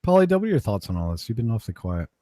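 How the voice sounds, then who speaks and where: A man's voice: fairly low pitch, very animated, rapid-fire, mellow, no room sound, clean studio sound. A man co-hosting a podcast, talking in a blunt, emphatic, profane way. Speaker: podcast co-host. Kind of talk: casual opinion chat.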